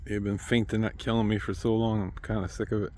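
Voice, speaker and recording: A man talking in a rambling monologue who trails off quietly, then breaks into sudden loud outbursts. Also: on the low side, little pitch movement, quick pace, a little hiss or hum.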